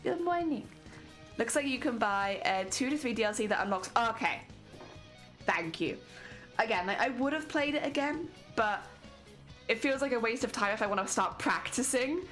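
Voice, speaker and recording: British woman, young adult, casual stream chat, animated sing-song pitch, faint background music. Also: normal speed. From Britain. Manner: chatty, greets viewers warmly, sing-song pitch jumps. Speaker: crafting streamer. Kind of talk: casual live-stream chat while crafting.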